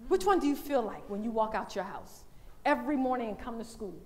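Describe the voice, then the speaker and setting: A woman speaking at a church with a high, bright voice, preaching in a loose, conversational way. She is animated and laughs often. A faint hum of room ambience sits behind her. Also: brisk. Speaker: women's day speaker at a church. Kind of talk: lively church talk.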